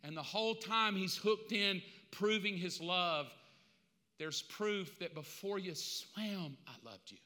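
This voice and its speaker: A middle-aged man preaching a sermon as pastor, impassioned and conversational, with dramatic pauses. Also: high voice, pushed and bright, big-room sound. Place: church sanctuary.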